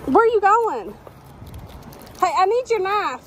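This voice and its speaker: A woman hosting a casual vlog outdoors, gushing with excited exclamations while filming on a handheld phone. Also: extremely high pitch, measured pace, slight background noise. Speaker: couponing channel host. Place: outdoors in a parking lot.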